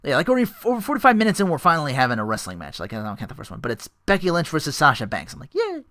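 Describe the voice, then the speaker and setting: A man's voice: mid-range voice, very animated, rapid-fire, bright, forceful tone, no room sound, studio quality. A man hosting a casual wrestling recap podcast into a home microphone, rambling and profane, laughing often. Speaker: podcast host.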